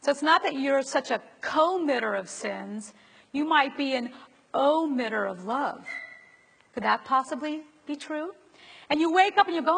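A woman's voice: sits high, animated, normal speed, creaky, fairly bright tone. A woman preacher giving a conversational sermon and asking her listeners rhetorical questions. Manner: asks the audience rhetorical questions. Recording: long reverb of a large hall.

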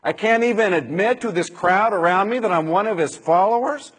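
A man speaking as a remorseful male disciple who berates himself in inner monologue, with a husky voice. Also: high voice, fairly quick, big-room sound. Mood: self-reproaching. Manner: self-reproaching inner monologue.

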